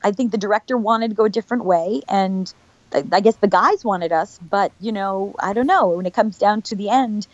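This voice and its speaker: A woman guest telling animated, chatty stories with many restarts in a casual interview. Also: mid-range voice, fairly quick, no room sound, dull audio. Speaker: actress guest.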